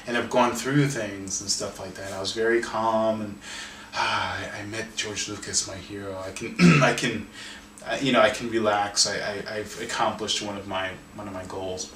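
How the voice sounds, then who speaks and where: A man, an artist and author, telling a story in an interview in an animated way, often restarting and repeating words. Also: fairly low pitch, moderate pace, slight background noise. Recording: roomy sound from a distance, faint ambience.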